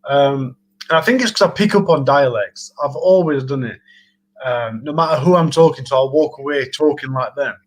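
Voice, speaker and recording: A man's voice: mid-range voice, moderate pace, poor audio. A man with a Sheffield Yorkshire accent, hosting a casual livestream chat in a rambling, laughing way. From Sheffield, England. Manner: rambling, chatty, laughs often. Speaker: livestream host.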